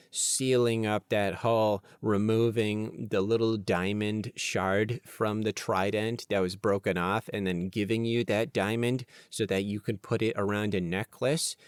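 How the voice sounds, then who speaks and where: A man hosting a podcast alone, rambling playfully and thinking out loud at his desk. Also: lowish voice, smooth, dry recording, clean studio sound. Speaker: podcast host. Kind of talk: casual solo podcast talk.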